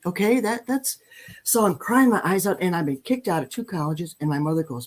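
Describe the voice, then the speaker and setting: Animated woman in her sixties telling stories. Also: lowish voice, brisk. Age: 60s. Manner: animated, self-deprecating, many restarts. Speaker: podcast guest. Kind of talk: storytelling in conversation.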